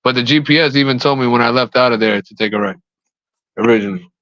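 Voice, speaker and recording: A man co-hosting a casual podcast who tells long, rambling stories and swears freely. His pitch is ordinary. The sound is a little dull and dry, as if from a modest home mic. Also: fast talker, a bit bright, no echo. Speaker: co-host.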